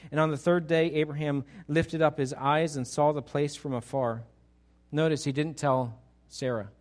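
Middle-aged male preacher, a little high-voiced, animated, keeps quizzing the congregation. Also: moderate pace. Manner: animated, rhetorical questions to the congregation. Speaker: pastor. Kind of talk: sermon.

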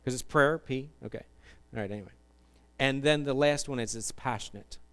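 A man's voice: mid-range voice, fairly quick, fairly bright tone. A man preaching a sermon to a congregation, chatty and joking, then building to fervent emphasis. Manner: conversational, jokey, rising to fervent emphasis. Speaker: pastor.

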